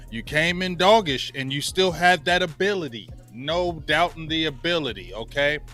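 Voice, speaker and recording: Male sports co-host, passionate and repetitive, bright forceful tone. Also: medium pitch. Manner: passionate, repeats himself for emphasis. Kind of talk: heated casual sports talk.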